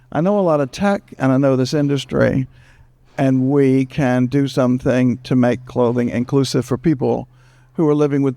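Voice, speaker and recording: Fast-talking male moderator from the US, a bit of fry, joking tone. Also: medium pitch, no echo. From United States. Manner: animated, jokey, fast-talking. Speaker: panel moderator. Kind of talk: lively panel talk. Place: screening event room. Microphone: handheld microphone.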